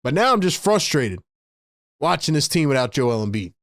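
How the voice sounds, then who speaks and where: A man's voice: a little high, sing-song, normal speed, dry recording, studio quality. A man hosting a live stream, calling basketball play-by-play and reacting to his team with frustration while talking to his chat. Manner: frustrated, exasperated, chats to viewers. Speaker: live-stream sports commentator.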